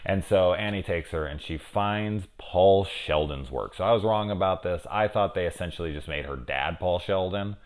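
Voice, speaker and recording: Deep-voiced guy rambling through an episode review, lots of um and i don't know, gets loud then drops to a mumble. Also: moderate pace, few pauses. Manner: rambling, unsure, thinking aloud with many fillers; swings from loud excited questions to low mumbles. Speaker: TV review host. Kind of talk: casual spoiler discussion.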